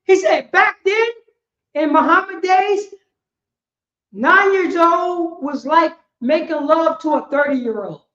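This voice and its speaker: A woman with a New York accent teaching a religious class in a loud, impassioned street style, shouting and swearing as she speaks. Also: very high voice, slow. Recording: roomy, dull lo-fi stream audio.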